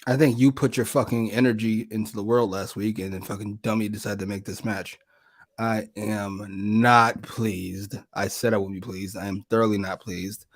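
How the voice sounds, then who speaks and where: A man's voice: lowish voice, steady tone, moderate pace. A man co-hosting a casual wrestling review podcast, ranting in an exasperated, profane way. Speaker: podcast co-host.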